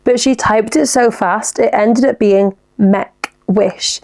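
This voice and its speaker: A woman's voice: fairly high pitch, unhurried, creaky, darkish tone. A young woman hosting a podcast alone, chatting casually and giggling as she reacts to listener messages. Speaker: podcast host. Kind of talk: casual solo podcast chat.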